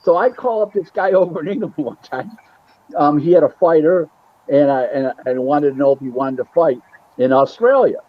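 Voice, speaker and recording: Man, higher-pitched voice, animated storyteller, dry lo-fi recording. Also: normal speed, no echo. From Buffalo, New York. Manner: animated storyteller who acts out quoted dialogue. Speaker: boxing matchmaker and booking agent. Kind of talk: casual interview storytelling. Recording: dull, lo-fi, dry sound.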